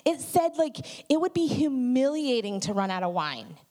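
A middle-aged woman giving a conversational sermon, telling animated stories with many asides. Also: high voice, moderate pace. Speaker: church speaker.

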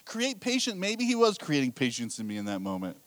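A man's voice: mid-range voice, wildly swooping pitch, quick pace, no echo. A middle-aged man preaching a sermon as pastor, telling candid, self-deprecating stories with a laugh.

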